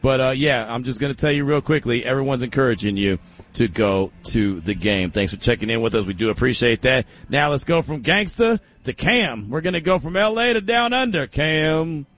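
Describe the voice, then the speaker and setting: A man hosting a sports talk show, loose and jokey with animated banter. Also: mid-range voice, moderate pace. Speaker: sports talk radio host.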